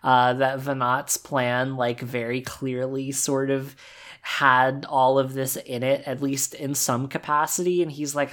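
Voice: mid-range voice, little pitch movement, unhurried, a bit bright. A podcast co-host in casual chat who gushes with enthusiasm and swears freely. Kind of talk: casual game discussion.

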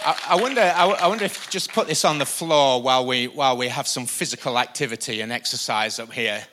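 A male pastor preaching a sermon, energetic and repetitive for emphasis. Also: medium pitch, quick pace, crowd noise, noisy background. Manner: energetic, repeats lines for emphasis, uses a helper for a live demonstration. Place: church stage before a congregation.

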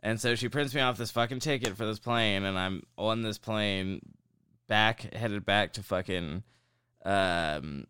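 Low, bright-toned young man telling a story. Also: measured pace, clear, resonant tone, no echo. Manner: profane, rambling anecdote-telling. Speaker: storyteller in a chat podcast. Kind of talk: casual chat.

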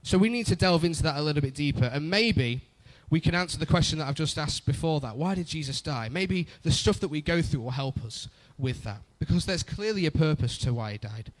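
A man's voice: on the high side, expressive, fairly quick, hardly any pauses. A young adult man preaching a conversational sermon, often repeating phrases for emphasis. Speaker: pastor.

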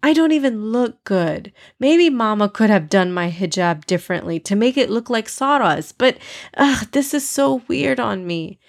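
Woman doing a young girl, high, whiny, pleading, sensitive, storybook. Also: expressive, moderate pace, vocal fry. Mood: upset. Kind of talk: storybook reading.

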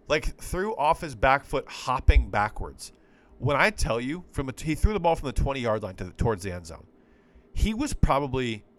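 A man's voice: mid-range voice, fairly bright tone. A man co-hosting a sports podcast, talking in a rambling, exasperated, profane way. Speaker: podcast co-host. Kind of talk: casual sports podcast chat.

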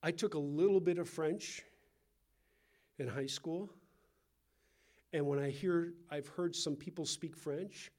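A man with a Californian accent, teaching a Bible passage in a relaxed, conversational sermon with asides and questions to the listeners. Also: a little high, takes it slowly, pauses often. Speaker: pastor.

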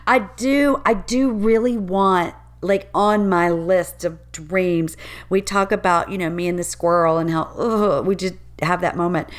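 A woman co-hosting a casual chat who talks in a playful, rambling way and laughs often. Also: on the low side.

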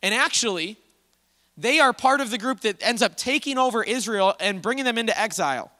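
A man preaching a sermon as pastor, talking in a conversational, animated storytelling way. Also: high voice, brisk. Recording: long reverb of a hall.

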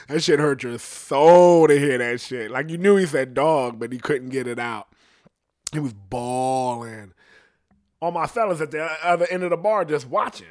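A man's voice: fairly high pitch, moderate pace, darkish tone, no echo, clean studio sound. A young man telling a crude story in casual chat, profane and rambling, laughing between lines. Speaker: podcast storyteller.

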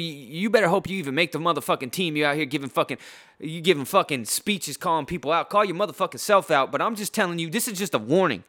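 A man hosting a podcast, tipsy and trash-talking through a profane sports rant. His voice is bright and forceful and sits a little high, and he stumbles into restarts as he goes. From San Diego. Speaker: podcast host.

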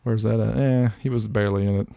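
A man's voice: fairly low pitch, fairly even intonation, fast talker, creaky, warm tone, no room sound. A man co-hosting a podcast in casual chat, enthusiastic, laughing often and swearing casually. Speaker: podcast co-host.

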